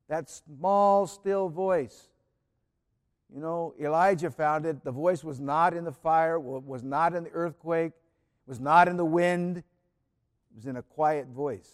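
A male preacher delivering a sermon in a fairly high voice at an unhurried, deliberate pace. He talks earnestly, repeats his key phrases and often sinks into soft, hushed tones. The sound carries the long reverb of a large church.

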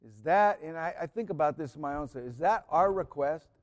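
A man preaching a sermon in an earnest way, repeating key phrases and often dropping to a soft, quiet voice. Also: fairly high pitch, expressive, fairly quick, big-room sound.

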